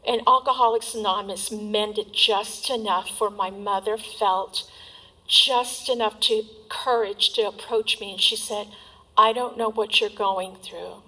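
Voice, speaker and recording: A middle-aged woman gives a personal testimony about her recovery, speaking candidly and with feeling. Her voice is bright and clear, and she often lets remarks fade into soft, trailing asides. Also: medium pitch, fairly even intonation, unhurried, low-quality recording.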